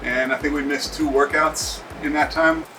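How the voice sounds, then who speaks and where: A man casually recalling how he met his training partner, in a relaxed, halting way with many fillers. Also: fairly high pitch. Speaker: interviewee, paddling coach. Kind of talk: casual recollection. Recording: distant mic with faint music.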